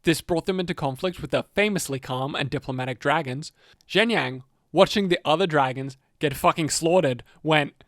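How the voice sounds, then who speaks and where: A man with a somewhat high voice co-hosts a casual lore podcast. He rambles, swears freely and jokes as he goes. The sound is close and dry. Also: normal speed, fairly bright tone, dry recording. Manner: rambling, profane, jokey. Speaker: podcast co-host narrating lore.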